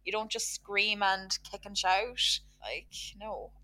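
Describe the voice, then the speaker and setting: A woman's voice: mid-range voice, animated, takes it slowly, sharp tone. A woman with an Irish accent in casual conversation as a podcast co-host, chatty and blunt, with lots of "like". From Ireland. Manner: chatty and blunt, with frequent "like" fillers.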